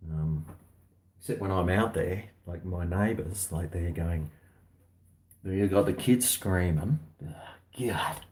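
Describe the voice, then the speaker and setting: A man's voice: low-pitched, slow, darkish tone, slight background noise. A middle-aged Australian man chatting casually and rambling on a livestream, reading out viewer comments. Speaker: livestream host.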